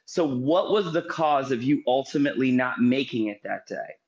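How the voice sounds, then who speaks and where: A man interviewing a guest, calmly recapping her story to steer the conversation. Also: mid-range voice, moderate pace. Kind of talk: guiding interview questions. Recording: dull lo-fi sound.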